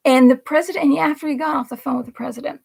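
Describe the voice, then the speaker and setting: A woman's voice: sits high, steady tone, rapid-fire, creaky, darkish tone. A woman hosting a political commentary livestream, talking in a rambling, emphatic way and now and then dropping to a whisper for effect. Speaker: livestream host.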